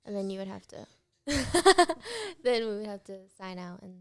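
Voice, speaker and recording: A teenage actress talks easily through an interview, rambling into anecdotes with plenty of "like" and "um". Her voice sits at a middle pitch, and the recording is dry and close with no room sound. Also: expressive, moderate pace, dry recording. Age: late teens. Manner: chatty storyteller, many fillers. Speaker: guest actress. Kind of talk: casual interview chat.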